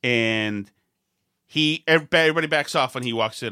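A middle-aged man telling a rambling, self-mocking story in a casual chat, often restarting and acting out angry shouts. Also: medium pitch, moderate pace, smooth, dry recording, studio quality. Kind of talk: casual anecdote.

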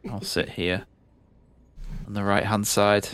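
Low-voiced man in a dry room, playing a game. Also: little pitch movement, slow, a bit bright, smooth, no echo. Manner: casual, describing his actions. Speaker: player. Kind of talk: tabletop role-play.

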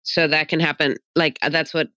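A woman's voice: deep voice, fairly even intonation, a little fast, pushed and bright, no room sound. A woman co-hosting a podcast, chatting casually and upbeat with lots of fillers. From Mexican heritage. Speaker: podcast co-host.

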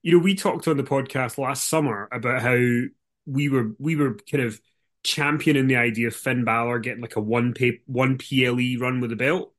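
A man's voice: mid-range voice, fairly even intonation, normal speed, fairly bright tone. A man co-hosting a podcast in casual chat, agreeable and lightly teasing. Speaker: podcast co-host.

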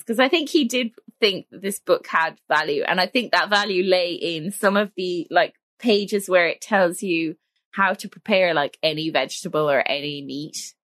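Chatty woman co-host, laughs a lot, animated and dry. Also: on the low side, a little slow, no echo. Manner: giggly, chatty, laughs often. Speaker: podcast co-host. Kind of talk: casual chat.

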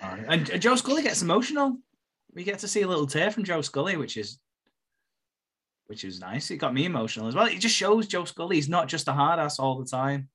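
Bright-voiced man recapping, laughing. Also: on the high side, sing-song, fairly quick, slightly rough. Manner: laughs often while retelling the plot. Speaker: podcast co-host recapping a TV episode. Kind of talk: casual chat.

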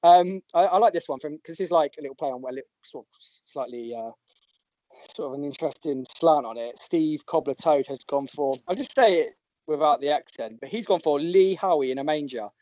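Chatty, giggly podcast host. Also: male voice, a little high, animated, brisk, dark tone, no room sound. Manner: laughing, chatty, reading out listener tweets. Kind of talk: casual chat. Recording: dull lo-fi podcast audio.

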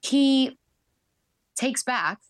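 A woman guest on a podcast, telling stories in a chatty, animated way, full of "like" and "um". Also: high-pitched, drawn-out words, no room sound. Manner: chatty, animated, many fillers like "like" and "um". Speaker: podcast guest, reality show contestant. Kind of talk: casual storytelling interview.

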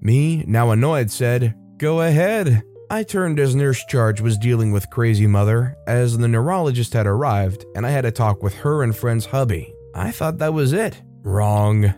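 A man reading a story aloud in a steady, matter-of-fact way. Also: medium pitch, moderate pace, hardly any pauses. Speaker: story narrator. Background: faint guitar music.

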